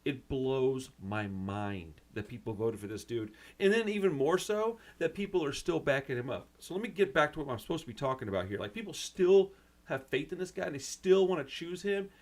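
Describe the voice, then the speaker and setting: Guy hosting his own channel venting on camera, frustrated and teary, rambly, kinda high voice, lots of "dude". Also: lively intonation, fast talker. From United States. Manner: rambling, frustrated, swears mildly, says "man" and "dude" often. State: close to tears. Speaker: channel host and record store owner. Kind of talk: emotional personal rant to camera.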